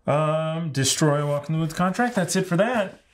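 A man reading board game rules and cards aloud in a steady, matter-of-fact way during casual play with friends. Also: fairly high pitch, normal speed. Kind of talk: casual tabletop game chat.

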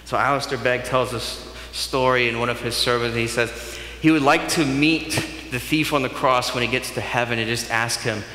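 A male pastor giving a sermon, in a conversational and animated way. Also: medium pitch, moderate pace, few pauses, slight background noise. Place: church sanctuary. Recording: echoey church hall.

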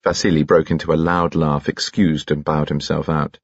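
Deep, gravelly male audiobook narrator. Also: flat delivery, normal speed, no echo, muffled recording. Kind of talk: scripted narration.

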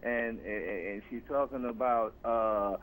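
A man calling in to a radio show, halting and hesitant with many fillers. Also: mid-range voice, steady tone, a bit bright, a little hiss or hum, poor audio. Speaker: caller. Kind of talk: call-in radio talk.

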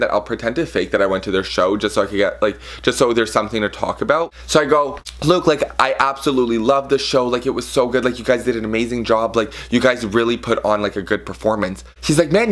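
A man vlogging a casual story, gossipy and animated, acting out what people said and peppering his talk with "like". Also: mid-range voice. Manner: animated, gossipy, acts out quotes with filler "like".

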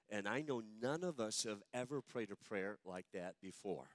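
A man's voice: on the low side, animated, moderate pace, few pauses, no room sound. A male pastor preaching a sermon and reading scripture, emphatic and given to stammered restarts.

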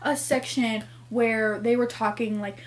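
Woman book vlogger, higher-pitched voice, casual exasperated rant. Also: steady tone. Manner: exasperated ranting, fast with many fillers. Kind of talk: casual reading vlog.

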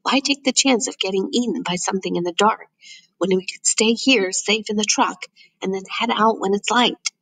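A woman reading an audiobook, voicing a cautious, reluctant young girl in a higher, pleading tone. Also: moderate pace, a bit bright, breathy edge, far from the mic.

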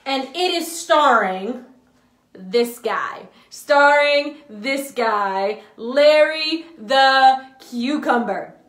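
An enthusiastic woman hosts a live children's show with a sing-song lilt. Her voice sits high and she talks at a slow, careful pace. The room around her is echoey. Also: fairly bright tone. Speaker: children's ministry host.

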